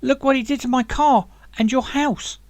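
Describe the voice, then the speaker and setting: A man's voice: extremely high pitch, steady tone, moderate pace, darkish tone, no room sound, voice pushed up. A man voicing a bold young woman who speaks urgently and pleads.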